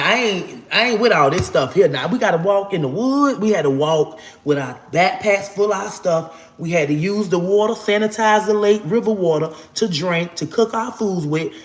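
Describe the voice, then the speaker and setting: A woman's voice: on the low side, fairly quick, few pauses. A woman in her forties telling a personal story straight to her viewers, talking emphatically and swearing oaths to God as she goes. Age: 40s. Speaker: storyteller vlogger. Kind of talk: casual storytime monologue. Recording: echoey room.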